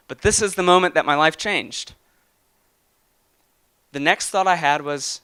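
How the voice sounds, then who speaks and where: A man's voice: on the high side, moderate pace, pauses often, sharp tone, clear, resonant tone, no room sound, studio quality. A young man giving an earnest motivational talk and telling a personal story, with some restarts. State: getting emotional. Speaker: motivational speaker.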